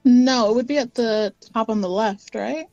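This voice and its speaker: A woman's voice: a little high, normal speed, highs cut off, music in the background. A woman playing a character in a tabletop game, narrating her actions in first person. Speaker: player.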